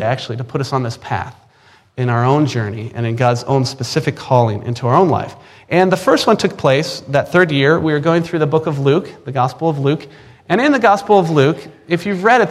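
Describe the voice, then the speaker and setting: Midwest guy in his 40s preaching his testimony, earnest, kinda high voice, stacks repeats when he leans in. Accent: Upper Midwest American. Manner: earnest, emphatic, repeats words when stressing a point. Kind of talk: personal testimony sermon.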